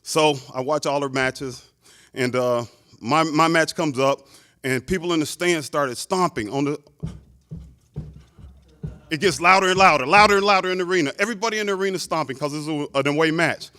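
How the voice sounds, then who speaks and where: A man in his fifties tells a lively story as a hall of fame inductee, with a slightly high voice. He keeps throwing in quick asides to the crowd. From Chicago, United States. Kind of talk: speech.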